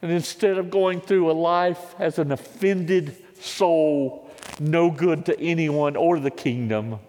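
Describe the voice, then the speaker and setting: A man in his fifties preaching a sermon, giving impassioned testimony that climbs into loud pleading cries. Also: mid-range voice. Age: 50s. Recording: long hall reverb.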